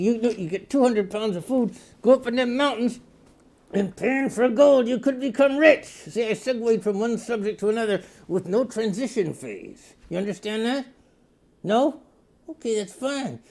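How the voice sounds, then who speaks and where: A man hosting a spoof news show in a rambling comic monologue, with sudden jumps in pitch and loudness like a mock pitchman. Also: lively intonation, moderate pace, gravelly.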